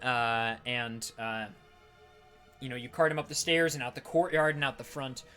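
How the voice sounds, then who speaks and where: A man narrating a tabletop game as game master, rapid and animated with many fillers. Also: mid-range voice, soft background music.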